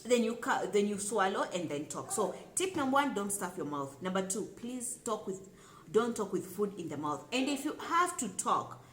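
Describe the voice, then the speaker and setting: Young Kenyan woman, casual vlog delivery, emphatic and repetitive, mid-pitched, recorded in an echoey home room. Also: normal speed. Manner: emphatic and repetitive, lively asides. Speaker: lifestyle vlogger. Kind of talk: casual talk to camera. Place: home room with children nearby. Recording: echoey room with faint background noise.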